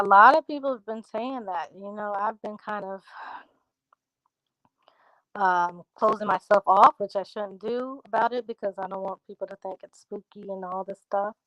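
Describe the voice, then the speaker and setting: A woman hosting a casual livestream, reading out viewer comments and answering them in a relaxed, drawling country way. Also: mid-range voice, no echo, low-quality recording.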